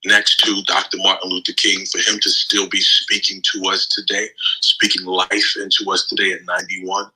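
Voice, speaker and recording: A man in a live audio chat, speaking in a reflective and inspired way. His voice is very deep and husky, with a bright edge to it. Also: low-quality recording. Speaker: chat room participant.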